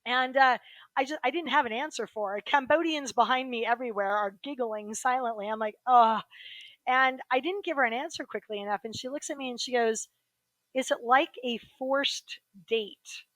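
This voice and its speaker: A middle-aged woman recounts a story with lively energy, acting out the people in it. Her voice sits a little high and the recording is dry and close. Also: fast talker, no echo, rough recording. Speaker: guest, human rights attorney. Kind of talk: storytelling in a casual interview.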